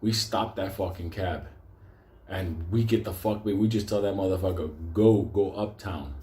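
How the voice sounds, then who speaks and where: A man with a New York accent telling a wild story with constant swearing, getting loud and excited at the scary parts. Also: low voice, moderate pace, reverberant. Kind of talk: profane comic storytelling.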